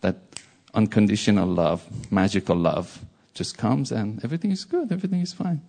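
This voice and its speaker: A man preaching a sermon with a low, gravelly voice and a husky edge. His tone is dark and mellow, and he speaks earnestly, repeating words to drive a point home. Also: animated, fairly quick. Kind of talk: sermon with a personal story.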